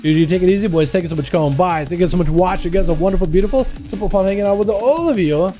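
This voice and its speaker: Excitable high-voiced man commentating duels. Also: very fast, faint music behind. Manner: excitable, chatty, talks to chat. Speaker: streamer and duel commentator. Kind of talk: live game commentary.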